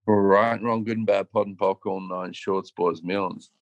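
Co-host: earnest, reflective man, slightly low pitch, dry sound. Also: fairly even intonation, normal speed, creaky, dry recording, muffled recording. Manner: reflective, earnest, self-quoting. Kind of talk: casual chat.

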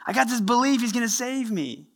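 A man voicing a stubborn stranded man who loudly and insistently waves off help. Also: very high-pitched, fairly quick, voice pushed up. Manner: loud, insistent, dismissive.

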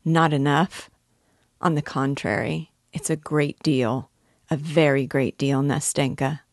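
A woman's voice: sits low, fairly even intonation, a little slow, no room sound, clean studio sound. A woman reading the part of a shy, solitary young man who talks earnestly and with some hesitation, in an audiobook.

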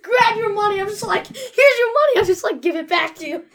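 A woman's voice: very high-pitched, quick pace, vocal fry. A woman playing a tabletop game, giggly and rambling, filling her lines with "like". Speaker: player.

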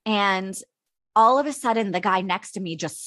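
A woman's voice: mid-range voice, moderate pace, bright, forceful tone, no echo, studio quality. A woman in her thirties hosting a casual chat, swearing freely and laughing often. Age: 30s. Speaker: host.

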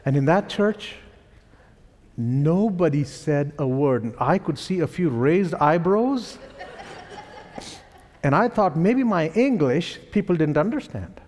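A man's voice: a little high, takes it slowly, long pauses. Indian man preaching in a reverberant hall. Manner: animated storytelling with chuckles. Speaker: pastor. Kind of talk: sermon. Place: church sanctuary.

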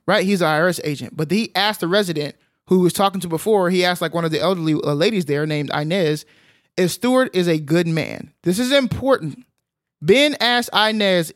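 A man casually retelling a film's plot as a podcast co-host, animated and full of filler sounds. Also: high-pitched, fairly quick, no echo, clean studio sound. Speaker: podcast co-host recapping a film. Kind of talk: casual film recap chat.

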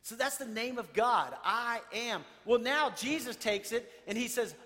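A man's voice: very high-pitched, expressive, measured pace, few pauses, sharp tone. A man preaching a sermon, reading scripture and animatedly acting out the voices of the crowd. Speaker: pastor. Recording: long hall reverb.

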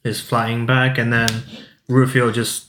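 A man's voice: mid-range voice, little pitch movement, slow, fairly bright tone, reverberant, slight background noise. A man co-hosting a casual movie podcast, laid-back as he retells scenes. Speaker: podcast co-host.

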